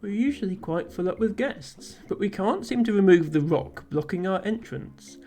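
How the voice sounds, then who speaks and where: A woman's voice: medium pitch, animated, normal speed, dark tone, lightly acted. A woman reading as a cheerful hotel host man. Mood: welcoming. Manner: read in a plain voice, no accent.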